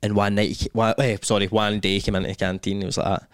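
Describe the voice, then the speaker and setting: A young man with a Glaswegian accent telling a funny story on a casual podcast, swearing freely and acting out other people's lines in quick voices. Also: on the low side, no echo, clean studio sound. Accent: Scottish, Glaswegian. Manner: animated, acts out other people's voices in quotes. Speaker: podcast host.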